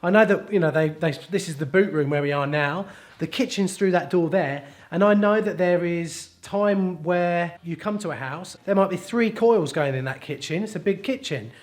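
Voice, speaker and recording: In a casual how-to vlog, a man with a fairly high voice walks through a plumbing job at normal speed, chatting and joking as he explains each step. He's filmed indoors, in the boot room of a house.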